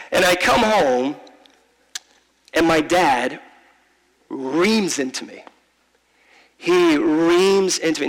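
A man preaching to his church in a fairly high, gravelly voice. He tells the story from the heart, stumbling and repeating words as he goes. His voice rings with the long echo of a big church hall. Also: fairly bright tone. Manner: heartfelt, halting, repeats words, slows for emphasis. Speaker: pastor. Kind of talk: sermon storytelling. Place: large church.

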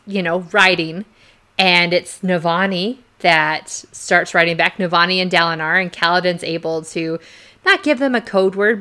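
A woman co-hosting a podcast, chatting casually about a book and retelling scenes with excited, acted-out quotes. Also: medium pitch. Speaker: podcast co-host.

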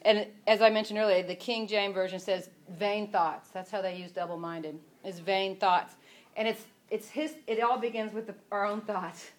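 A woman gives a relaxed Bible teaching, talking as if chatting with friends. She rambles, trails off, and restarts her sentences. Her voice sits at an ordinary middle pitch. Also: normal speed. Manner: chatty, rambling, self-interrupting. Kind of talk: casual devotional teaching.

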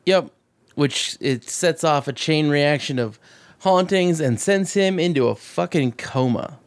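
A man co-hosting a casual chat, recapping a film with swearing, jokes and quick acted-out voices. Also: fairly high pitch, expressive, clean tone. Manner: profane, jokey, acts out quick voices mid-recap. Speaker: podcast co-host.

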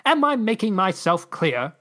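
A podcast reader voicing a fussy male alien ambassador in a high, theatrical, drawn-out voice. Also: sing-song, a bit bright. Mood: lecturing. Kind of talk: podcast story reading.

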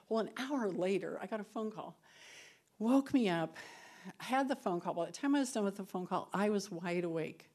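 A woman giving an earnest, conversational devotional talk that ends in prayer, sometimes emotional and near tears. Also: mid-range voice. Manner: emotional, tearful at times, laughing through tears; earnest and conversational, shifting between soft and loud. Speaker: women's Bible study speaker.

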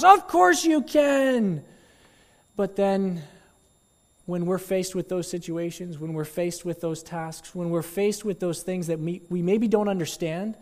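A man pastor giving a sermon, telling a story with animated delivery and acting out crowd voices. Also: high voice, in a large hall. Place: church.

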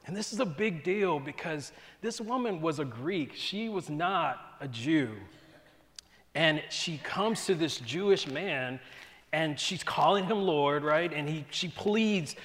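A fairly high-voiced man gives a casual, animated Bible teaching as a preacher. His voice rings out in a hall with a long reverb tail. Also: takes it slowly. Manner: casual and animated, often asks "right?".

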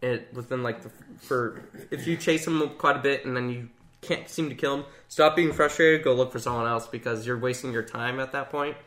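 A man's voice: mid-range voice, brisk, fairly bright tone. A young man in casual gaming chat, telling stories with lots of energy and acting out other players in raised voices.

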